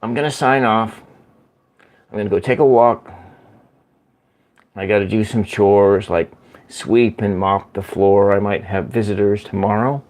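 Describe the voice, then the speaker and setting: Slow, rambling man chatting on a livestream. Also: fairly low pitch, darkish tone. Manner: slow, rambling, chatty, reads out viewer comments. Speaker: livestream host. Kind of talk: casual live-stream chat with viewers. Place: at home by a window.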